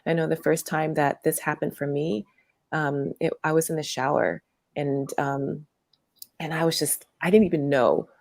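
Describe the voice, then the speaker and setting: A woman interview guest who teaches workshops, talking gently in a meandering way with lots of fillers and restarts. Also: low voice, steady tone, moderate pace, gravelly, no echo. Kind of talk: conversational interview.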